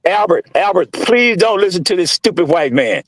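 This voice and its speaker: A man's voice: high voice, lively intonation, normal speed, crowd noise. A man calling into a heated argument, interrupting by repeating a name and short phrases again and again. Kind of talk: heated online call-in argument.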